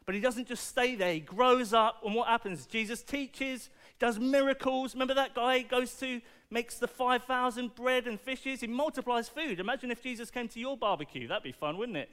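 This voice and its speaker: A man preaching a playful, animated talk to children, asking the audience questions and using object lessons. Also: very high voice, moderate pace, hardly any pauses, clear, resonant tone.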